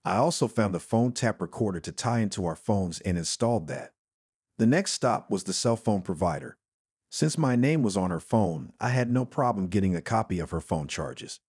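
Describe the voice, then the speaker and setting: Man, husky voice, fairly low, first-person story narration, dry close recording. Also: lively intonation, normal speed, a little mellow, no echo.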